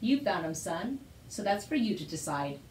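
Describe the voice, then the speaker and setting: A woman voicing a gruff, middle-aged farmer father in a storybook, speaking low with a growl, recorded in an echoey room. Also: big pitch swings, normal speed, a little mellow, a little hiss or hum, lightly acted. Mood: calm. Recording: roomy echo.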